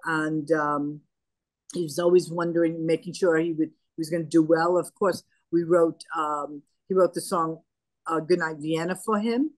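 Older woman telling stories, low dry voice. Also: moderate pace, no echo. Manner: anecdotal, animated retelling with quoted dialogue. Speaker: interview guest. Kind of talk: conversational storytelling.

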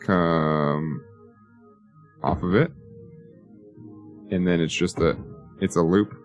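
Low-voiced man rambling over city-building gameplay. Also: takes it slowly, faint music behind. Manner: rambling, joking, talks to himself while building. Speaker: gaming YouTuber. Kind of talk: casual let's-play commentary.

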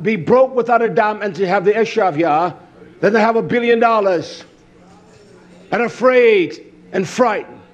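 A man preaching a fiery sermon, blunt and cursing freely, swinging from shouts to hushed tones. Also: high voice.

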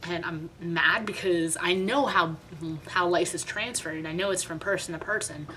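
A woman's voice: fairly low pitch, moderate pace, pushed and bright, slight background noise, poor audio. Chatty young woman telling a mishap story. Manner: chatty, dramatic, self-mocking, frequent laughs. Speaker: vlogger. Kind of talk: casual storytime vlog.

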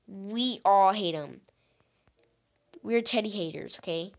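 A woman hosting a gaming channel, giving excitable let's-play commentary and talking straight to her viewers with frequent exclamations. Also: medium pitch, measured pace, long pauses.

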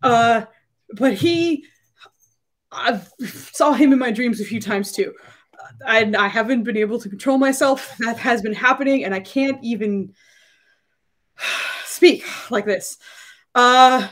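A frightened, remorseful man just freed from control, played by a woman running the game. He stammers and apologizes in a raised, louder voice above her usual tone, urgent and shaken. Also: fairly high pitch, slow, long pauses. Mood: panicked.

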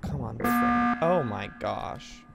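Lively man narrating his own gameplay. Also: medium pitch, slow, gravelly, music in the background. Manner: animated, talks to himself while playing. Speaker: gaming video host. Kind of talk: casual gameplay commentary.

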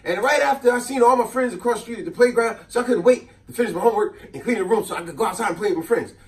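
A man telling funny childhood stories to his viewers in a casual, animated way, often laughing. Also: high-pitched, racing, distant mic. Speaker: vlogger. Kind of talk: comedic storytelling. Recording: voice a bit off-mic.

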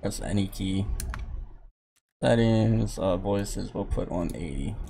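Gravelly young male gaming streamer. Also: fairly low pitch, slow, dark tone. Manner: slangy and laid-back, talks back to the game. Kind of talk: casual gameplay commentary.

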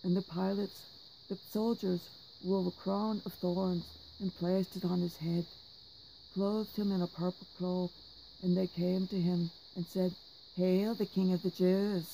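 A man giving a measured liturgical reading of scripture, slowing and leaning harder into the quoted cries. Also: high voice, little pitch movement, creaky, mellow, a little hiss or hum, low-quality recording. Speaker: scripture reader.

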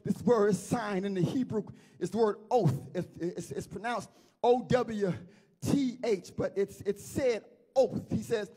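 A man's voice: high voice, unhurried, warm tone, husky. A middle-aged male pastor preaching a sermon with a chanting call-and-response delivery.

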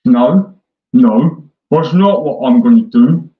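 A man delivering a mocking parody rant in a sarcastic, taunting way, swinging between whiny and gruff. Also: mid-range voice, lively intonation, very slow, pauses often. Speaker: online troll. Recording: echoey dull lo-fi room.

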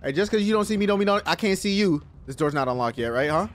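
Male let's-play host, high and very animated delivery, profane and jumpy, screams at scares, faint game music behind. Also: fast talker. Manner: excitable, profane, yelps and shouts when startled. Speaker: gaming video host.

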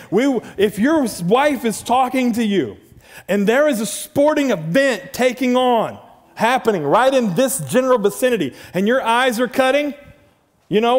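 A man preaching a sermon, animated, acting out quoted voices with big swings up in pitch. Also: in a large hall. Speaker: pastor. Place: large church hall.

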